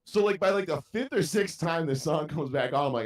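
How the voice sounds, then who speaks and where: A man's voice: a little high, lively intonation, fairly quick. Profane rambling laughing man telling a story. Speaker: podcast co-host. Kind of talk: casual chat, storytelling.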